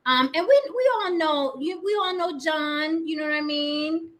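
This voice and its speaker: A woman's voice: sits high, unhurried, fairly bright tone. A woman actress hosting her own video channel, talking bluntly to camera, swearing freely and checking in with her viewers with "right?". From Puerto Rico. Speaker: vlog host and actress. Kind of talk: casual opinion monologue to camera.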